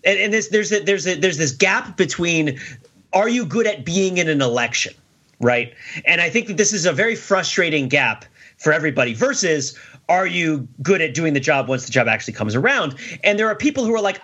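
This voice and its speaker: A man with a husky, wearing-thin voice that is losing itself, talking emphatically on a podcast panel. His tone is bright and pitched a bit high, and it swings widely as he presses his points. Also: fairly quick. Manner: animated, emphatic, keeps tagging "right?". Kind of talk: casual podcast discussion.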